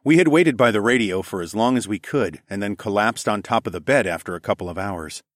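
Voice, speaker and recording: A man narrating a first-person story in a relaxed, expressive audiobook reading. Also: fairly low pitch, brisk, no echo, clean studio sound.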